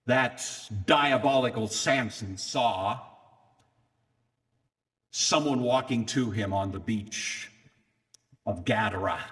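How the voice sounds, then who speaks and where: A male pastor preaching a sermon, telling the story with dramatic emphasis and sudden swings from quiet to loud. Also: medium pitch. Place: church. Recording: long church hall reverb.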